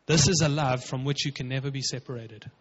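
A man's voice: medium pitch, steady tone, fairly quick. Man, pastor, emphatic sermon, conversational, long hall reverb, muffled recording. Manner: emphatic, conversational preaching with acted-out quotes.

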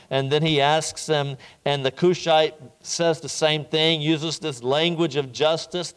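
A man preaching a sermon, slow and earnest, often repeating his words as he explains the text. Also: a little high, fairly even intonation, a bit bright, clean tone, long reverb tail.

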